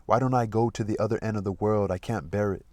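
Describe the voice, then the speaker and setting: Brief: wistful, restless young noblewoman read by a man in his own low voice, deep tone, dry close sound, book read aloud. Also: fairly even intonation, quick pace, dark tone, no echo, close to an everyday voice. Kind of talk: reading a novel aloud.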